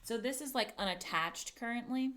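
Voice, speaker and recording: A woman's voice: fairly high pitch, normal speed, fairly bright tone, slight background noise. A woman chatting on a casual livestream while she builds a craft piece, nervous, swearing often and talking to herself. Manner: talks to herself and the objects. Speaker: streamer.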